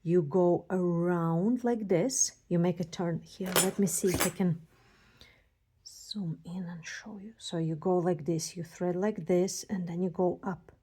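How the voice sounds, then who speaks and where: Excited, gushing woman beading tutor. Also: lowish voice, a little slow, husky. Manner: excited, gushing, scattered thoughts. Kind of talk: casual unboxing and how-to demo.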